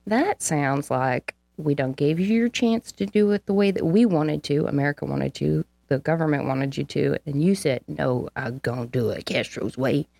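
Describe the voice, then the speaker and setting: Low-voiced young woman reading history dates. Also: moderate pace, gravelly, few pauses, dark tone, no echo. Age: young adult. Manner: reads history dates, blunt and profane asides. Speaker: co-host. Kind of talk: casual podcast chat.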